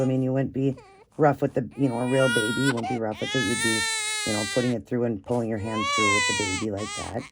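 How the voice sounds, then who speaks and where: In a casual doll-care vlog, a woman with a bass voice soothingly chats and repeats herself while tending a baby doll. The recording is very noisy, and a baby cries loudly behind her.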